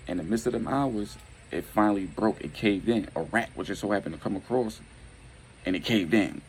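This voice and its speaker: A man's voice: on the low side, a little fast, slight background noise, low-quality recording. A man telling a gritty street story casually, full of slang, slipping in and out of quoted dialogue.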